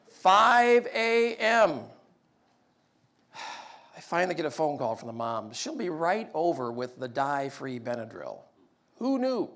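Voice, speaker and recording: A man's voice: a little high, takes it slowly, pauses often. A middle-aged man giving a humorous storytelling talk, acting out dialogue in a raised voice. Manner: animated, acts out dialogue in raised voice. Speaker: speaker telling stories.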